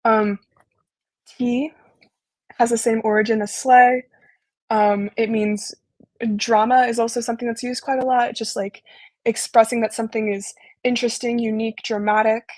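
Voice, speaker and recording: Young woman, bit high voice, loose chatty explaining w lots of ums, dry close sound. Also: normal speed, long pauses, no echo. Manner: relaxed, filler-heavy explaining with frequent ums and likes. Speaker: embassy intern presenting a virtual talk. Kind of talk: casual online presentation. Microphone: video call.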